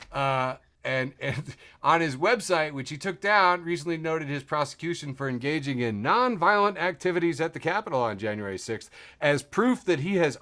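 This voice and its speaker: Man, podcast host, bright tone, sardonic, rambling, swears often, video call. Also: on the high side. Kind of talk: casual news-and-memes chat.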